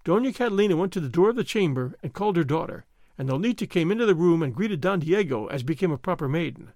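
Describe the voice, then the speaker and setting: A man narrating a story aloud in an expressive, theatrical reading style. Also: fairly high pitch, fast, few pauses, no room sound, clean studio sound. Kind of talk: audiobook reading.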